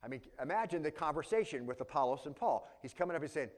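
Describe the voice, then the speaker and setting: A male pastor preaching a verse-by-verse sermon. He talks conversationally, keeps checking in with the congregation, and swings between loud emphasis and quiet asides. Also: fairly high pitch, lively intonation, racing, hardly any pauses. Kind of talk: expository sermon.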